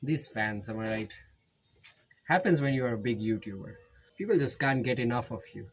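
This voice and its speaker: A man's voice: mid-range voice, expressive, moderate pace, low-quality recording. A man with an Indian accent, rambling jokily through casual recommendations as a YouTuber and often correcting himself. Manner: rambling, jokey, self-correcting.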